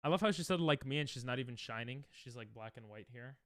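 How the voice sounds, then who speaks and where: A man's voice: medium pitch, lively intonation, fast, a bit bright, soft background music. A man streaming, reacting to commercials in casual, joking chat with his viewers, often laughing.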